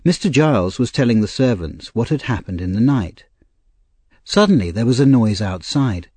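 A man narrating a classic novel as an audiobook with expressive storytelling. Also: medium pitch, normal speed, slightly rough, dry recording.

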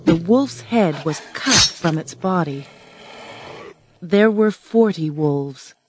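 A woman narrating a storybook in a plain, measured reading voice. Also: fairly low pitch, a little mellow, no echo.

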